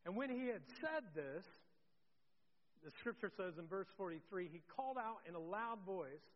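A pastor preaching a sermon, swinging between loud calls and hushed low lines. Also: male voice, animated, normal speed, in a large hall, lo-fi sound, a little hiss or hum. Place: church.

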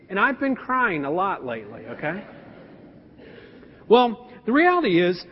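A man in his thirties preaching a sermon as a pastor, animated and joking with his congregation. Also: sits high. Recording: dull sound with long hall reverb.

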